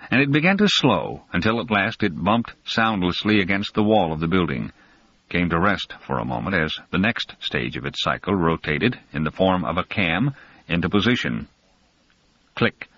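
A man reading a story aloud in scripted narration, measured and deliberate, leaning on key words. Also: sits low, a bit bright. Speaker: audiobook narrator. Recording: dull lo-fi recording.

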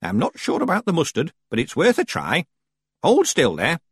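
Brief: a very old witch, creaky and bossy, voice raised high and sharp, put on by a male reader. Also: wildly swooping pitch, dry recording, heavily acted. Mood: brisk. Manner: brisk, commanding, fussy.

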